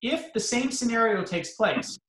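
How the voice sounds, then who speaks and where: A man with an extremely high, lively voice lectures real estate agents at a measured pace. He's a lawyer who explains by asking and answering his own questions, recorded in an echoey room with a noisy background.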